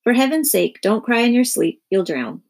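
Woman doing a stern, deadpan storybook father. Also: a little high, moderate pace, creaky, heavily acted. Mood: dry. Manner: cold, deadpan. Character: stern, dry-witted father.

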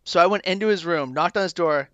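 A man's voice: high-pitched, fast, a bit bright, dry recording, highs cut off. A man on a podcast, casually telling easygoing anecdotes. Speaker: podcast guest. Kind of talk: casual storytelling.

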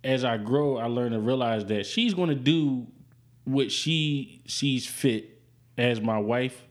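A man's voice: mid-range voice, slow. A man in his thirties co-hosting a podcast, talking candidly and profanely in loose, rambling casual chat with frequent restarts. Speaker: podcast co-host.

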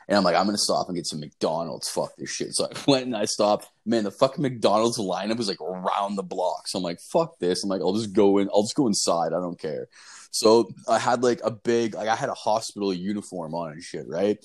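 A young Canadian man tells a story in a relaxed, cussing, rambling way, packing his talk with filler words. His voice sits fairly low. He sounds caught up in his own anecdote. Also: brisk, husky. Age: 20s. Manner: profane, animated storyteller, lots of filler "like". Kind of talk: casual storytelling chat.

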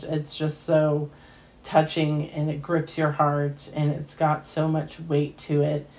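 Slow, low-voiced woman film podcaster. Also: a little mellow. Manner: emotional, gushing, slow and deliberate. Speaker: podcast host. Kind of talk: casual film review monologue.

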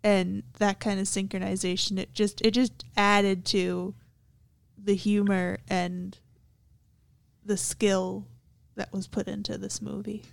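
Smooth-voiced woman chatting about movies. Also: medium pitch, takes it slowly, no room sound. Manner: animated retelling of scenes, quoting characters. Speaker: movie discussion panelist. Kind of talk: casual movie discussion.

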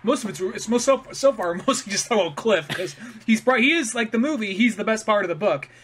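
A man's voice: high voice, animated, fairly quick, fairly bright tone, slight background noise. A man co-hosting a podcast in casual chat, loose and rambling as he retells scenes. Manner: loose, rambling, trails off and restarts. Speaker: podcast co-host.

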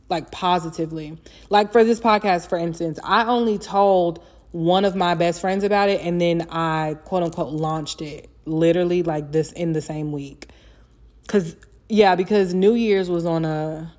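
A woman's voice: on the low side, a little mellow. A young adult woman hosting her own podcast, talking candidly and casually in a chatty, profane solo monologue. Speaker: podcast host.

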